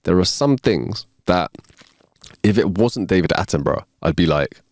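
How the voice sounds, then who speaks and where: A man co-hosting a podcast in a relaxed, slangy chat, laughing often. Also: low voice, moderate pace, no echo, clean studio sound. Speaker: podcast co-host. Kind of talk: casual chat. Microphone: wireless clip-on mic.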